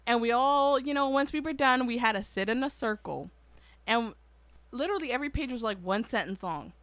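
A woman's voice: fairly high pitch, a little fast, no room sound. A woman chatting casually on a podcast, telling school stories and acting out other people's lines. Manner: animated, acts out quoted voices, swears casually. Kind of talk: casual storytelling chat.

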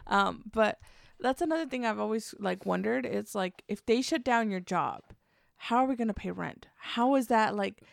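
A woman's voice: a little high, lively intonation, moderate pace, creaky, no echo. A young woman in casual chat, blunt and sardonic, swearing freely.

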